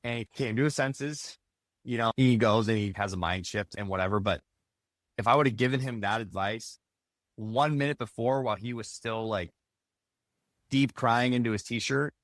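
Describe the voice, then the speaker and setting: A man's voice: mid-range voice, normal speed, no echo, studio quality. A man guesting on a podcast as a youth baseball coach, talking loosely and leaning on filler words like "like" and "right?". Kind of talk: casual conversational interview.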